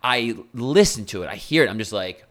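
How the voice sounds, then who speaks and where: A man's voice: mid-range voice, lively intonation, fairly quick. A man hosting a solo podcast as a health coach, talking bluntly and casually with swearing and fillers.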